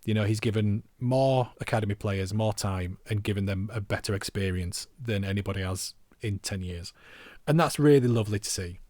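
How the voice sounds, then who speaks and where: Low-voiced man in chatty football talk. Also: fairly quick, darkish tone, no room sound. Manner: chatty, rambling, self-mocking. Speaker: podcast co-host. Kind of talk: casual football podcast chat.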